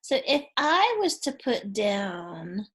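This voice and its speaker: A woman's voice: mid-range voice, big pitch swings, takes it slowly, a bit bright, slightly rough. A woman teacher giving a phonics lesson to young children. She is patient and encouraging and has them repeat sounds back to her.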